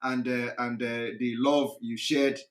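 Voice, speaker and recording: A hoarse man, hosting a live address, talking repetitively with laughs and emphasis. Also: mid-range voice, level tone, a little slow, reverberant. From Nigeria. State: hoarse, recovering voice. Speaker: host of a live broadcast.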